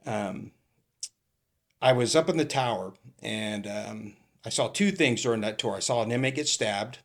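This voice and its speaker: A man's voice: on the low side, expressive, normal speed. Middle-aged retired cop guy, rambly storyteller, cusses a bit, acts out the quotes. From California. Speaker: retired police captain, podcast guest. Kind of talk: casual storytelling interview.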